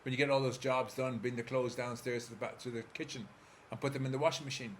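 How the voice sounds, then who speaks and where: An Irish man speaks as a therapist, leading the listener through a guided visualization. His delivery is calm and steady, coaching step by step at an ordinary middle pitch. A faint noise sits behind him. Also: quick pace.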